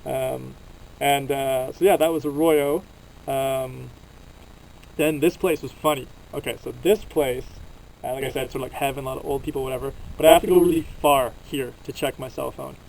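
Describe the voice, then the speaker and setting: A man's voice: medium pitch, steady tone, moderate pace, creaky, darkish tone, a little hiss or hum, rough recording. A young man from Canada telling travel stories in a casual, rambling vlog, full of fillers, recorded outdoors at a desert campsite. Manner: rambling, filler-heavy storytelling. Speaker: vlogger.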